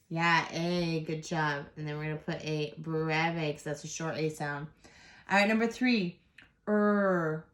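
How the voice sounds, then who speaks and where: Woman teacher doing phonics, slow and patient, sounds out every letter, lowish voice. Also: a bit bright. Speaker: first grade teacher. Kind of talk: phonics lesson.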